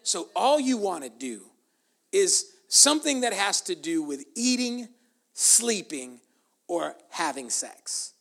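A pastor preaching a sermon emphatically, with loud stresses and sudden soft, quiet asides. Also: medium pitch, sing-song, takes it slowly, creaky.

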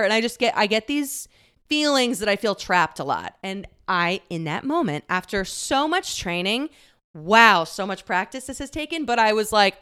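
A woman's voice: mid-range voice, very animated, normal speed, sharp tone, clean tone. A woman in her twenties telling a personal story to the camera in a loose, candid way. She swears freely, laughs often and fills her talk with "like" and acted-out quotes. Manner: chatty, many fillers and acted quotes.

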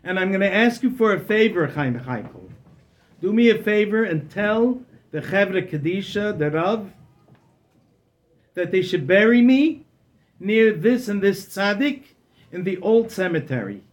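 A hushed, pleading old man, voiced by a male storyteller who talks in a low murmur. He sounds calm and sure of himself. The voice sits fairly high for a man. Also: a little slow. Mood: quiet pleading.

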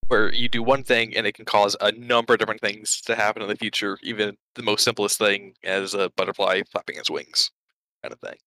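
A man's voice: lowish voice, fairly even intonation, fairly quick, sharp tone, dry recording, poor audio. A man co-hosting a podcast, chatting casually and rambling with lots of fillers, running short of breath. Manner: rambling, hesitant, many fillers. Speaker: podcast co-host. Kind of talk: casual chat.

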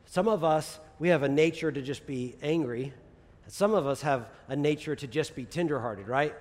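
A male pastor preaching a sermon in a conversational style, peppered with "right?" asides and building to loud urging. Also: a little high, normal speed. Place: church sanctuary. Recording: long hall reverb.

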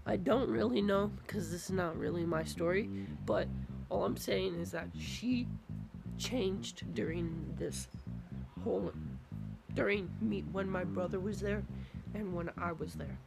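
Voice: medium pitch, a little slow, creaky, over loud music. A young podcast co-host telling a school story in a rambling, hesitant way. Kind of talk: casual chat.

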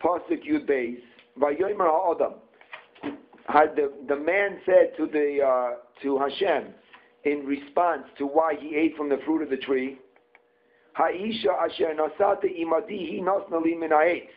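Male Torah teacher, somewhat high voice, reads and translates phrase by phrase, phone-line sound. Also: a little slow. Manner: reads Hebrew text then translates phrase by phrase. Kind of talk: text study lesson.

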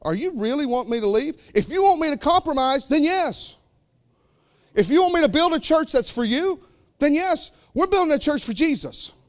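A man preaching a sermon as pastor, with fervent delivery that swings between loud declarations and quiet, slowed asides. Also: very high voice, sing-song.

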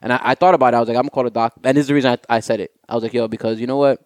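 A man co-hosting a casual chat among friends, telling stories in a quick, loose way with many restarts. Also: medium pitch, steady tone, dry recording, studio quality. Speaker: podcast co-host.

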